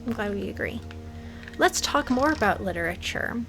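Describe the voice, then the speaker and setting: Young woman playing a scary game, jokey and jittery, whispering sometimes, slightly high voice. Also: animated, normal speed, a bit bright, faint music behind, rough recording. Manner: chatty, jokey, nervous, drops into whispers. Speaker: gaming video host. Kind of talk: casual horror game commentary.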